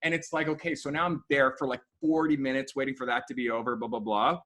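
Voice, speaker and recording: A man telling stories about his photography work in a casual, animated way, swearing freely and acting out what people said. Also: mid-range voice, fast. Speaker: photographer guest. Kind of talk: casual storytelling. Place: podcast studio.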